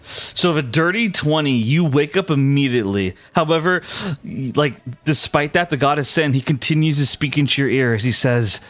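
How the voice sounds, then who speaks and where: A man's voice: on the high side, moderate pace, a bit bright. A man narrating as game master in casual tabletop role-play, with frequent fillers.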